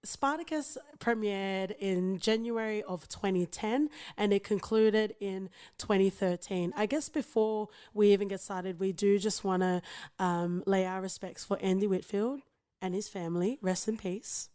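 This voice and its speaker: A woman's voice: mid-range voice, fairly even intonation, measured pace, warm tone, clear, resonant tone. Playful Australian woman podcast host. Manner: laughing, playful and profane. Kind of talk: casual chat.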